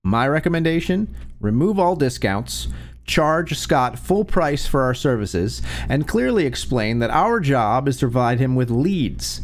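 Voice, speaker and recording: A man narrating an online revenge story in a scripted, expressive storytelling read. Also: mid-range voice, a little slow. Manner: lively, expressive storytelling reading.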